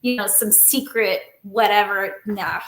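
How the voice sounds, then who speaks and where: Brief: woman guest, wry and dismissive, unhurried delivery, echoey room. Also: medium pitch, fairly bright tone. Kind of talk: casual chat. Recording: roomy echo.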